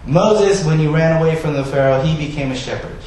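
A man preaching a sermon, stressing key words loudly and then dropping to a soft, quiet delivery. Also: on the high side, fairly quick, slight background noise. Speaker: pastor. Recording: echoey room, voice from a distance.

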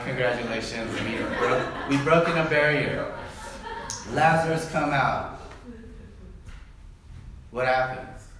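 Joking pastor in an echoey church. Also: male voice, mid-range voice. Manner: jokey, conversational, asks the congregation to respond. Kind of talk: casual sermon. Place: church hall.

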